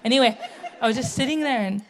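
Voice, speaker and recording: Woman stand-up, middle-aged, blunt and brash, pitched a bit high, stage mic in a theatre. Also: fast talker, a little hiss or hum. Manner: blunt, brash, tell-it-how-it-is. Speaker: stand-up comedian. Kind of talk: stand-up comedy set. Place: theatre stage, live audience.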